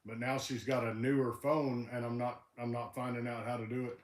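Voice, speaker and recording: A man's voice: mid-range voice, little pitch movement, a little fast, echoey room. A man hosting a livestream, chatting casually and talking about faith in an earnest, encouraging way. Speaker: livestream host. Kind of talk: casual chat.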